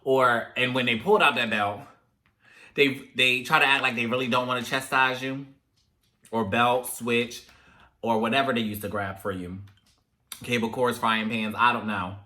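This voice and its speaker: A young man hosting a casual talk video, telling animated stories about growing up in African American English. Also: medium pitch, moderate pace. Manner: chatty, animated when telling parent stories. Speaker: host. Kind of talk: casual chat, storytelling to viewers.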